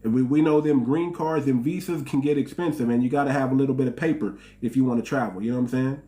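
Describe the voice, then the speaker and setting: A man's voice: mid-range voice, quick pace, warm tone. A man with an African American English accent, hosting his own channel and delivering a heated, repetitive, mocking commentary rant. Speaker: channel host.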